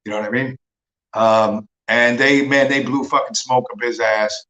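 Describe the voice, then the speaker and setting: A man's voice: mid-range voice, steady tone, moderate pace, pushed and bright, reverberant, rough recording. A man hosting a livestream, talking in a sarcastic, profane, mocking rant. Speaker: livestream host. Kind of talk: casual ranting monologue.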